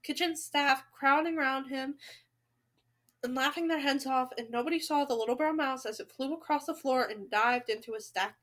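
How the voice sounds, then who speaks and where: High-voiced dramatic woman reading aloud. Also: a bit bright. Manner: dramatic, emotional exclamations. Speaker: book reader. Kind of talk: reading a novel aloud with reactions.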